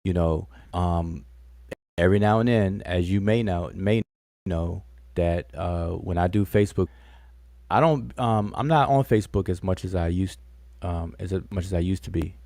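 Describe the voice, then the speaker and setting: Low, dark-voiced man hosting a live stream. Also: normal speed, dry recording. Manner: rambling and conversational. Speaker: livestream host. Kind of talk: casual live-stream chat.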